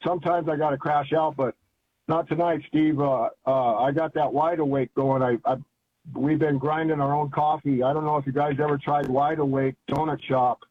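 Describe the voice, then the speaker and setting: A man's voice: a little high, fairly even intonation, normal speed, breathy edge, no room sound. An older man calling into a radio show, rambling and enthusiastic in colloquial talk. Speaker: caller. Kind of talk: phone-in chat. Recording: tinny phone line.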